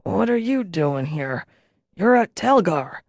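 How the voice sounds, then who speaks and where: A grieving former dragonrider, a broken man who drinks, wails his losses in a thready voice, as a woman reads him. He talks slowly and bitterly, slurring his words. The sound is dry and close, as in an audiobook. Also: on the low side, big pitch swings, a little mellow, no echo, exaggerated voice. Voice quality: thready, wailing. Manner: slow, mournful, slurred and bitter. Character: grieving drunk male ex-dragonrider healer.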